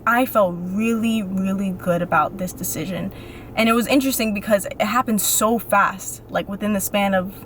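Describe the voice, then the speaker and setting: Chatty young woman vlogger. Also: mid-range voice. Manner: chatty and animated, repeats phrases for emphasis. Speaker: faith vlogger. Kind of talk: casual talk to camera.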